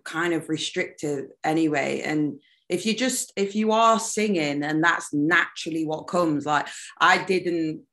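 A British woman in a casual interview chat as the guest, relaxed and loose, with frequent laughs and fillers. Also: sits low, measured pace. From United Kingdom. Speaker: guest singer.

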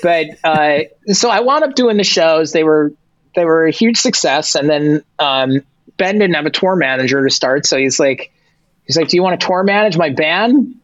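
A man's voice: a little high, normal speed, dry recording, lo-fi sound. A man, a tour manager guest, telling stories casually with lots of filler and swearing, acting out both sides of the conversations. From Persian heritage. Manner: animated, swears freely, heavy "like" filler, acts out dialogue. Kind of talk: casual storytelling interview.

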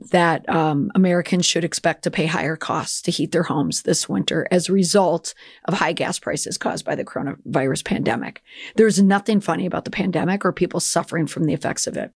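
A woman hosts a public relations podcast in a chatty, opinionated way and now and then tosses in playful mock accents. Her voice sits slightly low, and it is recorded close and dry with no room sound. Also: creaky, slightly rough, no echo. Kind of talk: casual commentary.

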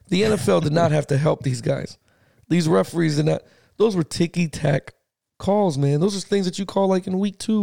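Gravelly animated man talking football. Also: fairly high pitch, no echo, clean studio sound. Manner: animated, swears casually. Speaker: podcast co-host. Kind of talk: casual sports chat.

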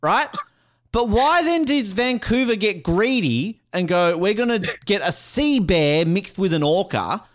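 A man co-hosting a podcast, talking in casual banter that is animated and rambling, with lots of laughing and swearing. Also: high voice, unhurried. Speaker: podcast co-host. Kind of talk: casual banter ranking mascots.

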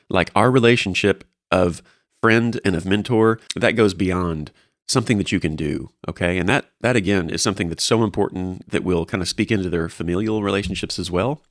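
A man's voice: low voice, no room sound, studio quality. A man co-hosting a faith-based talk on mentoring, speaking earnestly and encouragingly with frequent restarts. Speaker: co-host discussing mentoring. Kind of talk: casual faith-based discussion.

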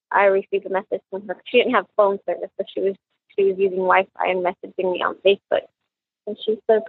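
A middle-aged woman recounting her daughter's last day for a true crime podcast, halting and often repeating words as she quotes what was said. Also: mid-range voice, gravelly, husky, no echo, narrow, tinny audio.

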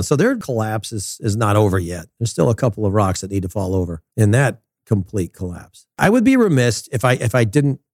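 A man's voice: medium pitch, a little mellow, slightly rough, no room sound, studio quality. A man giving a casual, blunt soccer opinion monologue, ranting and swearing freely while out walking. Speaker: soccer commentator. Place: outdoors walking in Las Vegas.

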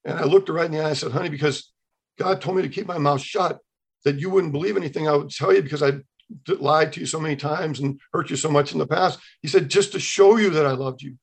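A man in his sixties, a podcast guest, telling a personal faith testimony in an animated way, acting out the dialogue he quotes. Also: a little high, fast talker, vocal fry, slightly rough.

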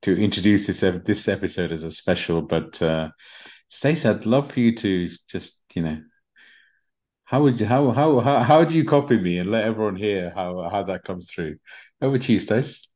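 A middle-aged British man with a very deep voice hosts a spiritual podcast, speaking gently and earnestly with frequent fillers and self-restarts. The recording sounds slightly dull and muffled. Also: lively intonation, moderate pace. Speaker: podcast host. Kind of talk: casual spiritual podcast talk.

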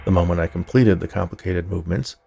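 A man reading a story aloud in a dry, measured narrating manner. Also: low-pitched, creaky, over music. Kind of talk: scripted narration.

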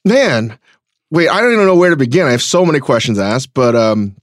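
A man's voice: mid-range voice, sing-song, brisk, no echo, clean studio sound. A man hosting a podcast interview, talking in a loose, conversational way and thinking aloud with restarts. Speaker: podcast host. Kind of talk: casual interview chat.

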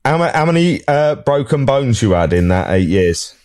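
A man's voice: medium pitch, big pitch swings, moderate pace, a little mellow. A young man with a Cockney accent, co-hosting a casual movie podcast with laid-back, laughing banter. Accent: Cockney London. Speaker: podcast co-host. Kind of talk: casual chat.

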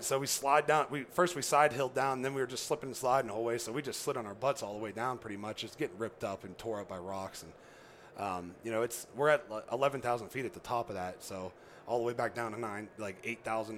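A man's voice: on the low side, fast, slight background noise. A man casually telling a long story as a podcast guest, rambling with lots of "you know" and "right?", and acting out what others said. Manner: animated, acts out quoted dialogue.

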